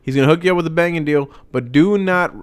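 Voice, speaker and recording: A man's voice: fairly high pitch, fast, smooth, dry recording. A young man telling a long, profane, joking story in a casual chat. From Hispanic family, father speaks Spanish. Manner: animated, profane, jokey storytelling.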